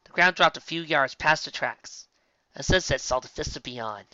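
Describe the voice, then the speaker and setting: Casting: expressive fan fiction narrator, lively and bright, small slips left in. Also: medium pitch, moderate pace, dry recording, highs cut off. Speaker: audiobook reader. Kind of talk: reading fan fiction aloud.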